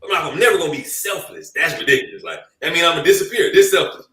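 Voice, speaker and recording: A man's voice: on the high side, racing, distant mic. A young man co-hosting a casual group chat, telling slangy stories and acting out quotes. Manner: animated, slangy storytelling with acted-out quotes. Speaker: podcast co-host. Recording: roomy, off-mic sound.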